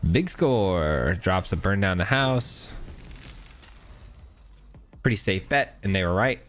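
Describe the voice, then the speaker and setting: A man's voice: sits low, lively intonation, slow, a bit bright, a little hiss or hum. A male gaming host with a stuffy nose, giving casual, chatty commentary while he plays and thinks aloud. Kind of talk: gameplay commentary.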